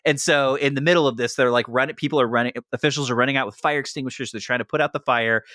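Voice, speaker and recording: Young guy podcast host, excited storytelling, lots of "like", dry close sound. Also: mid-range voice, rapid-fire, dry recording. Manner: animated retelling, heavy use of "like". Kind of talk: casual storytelling chat.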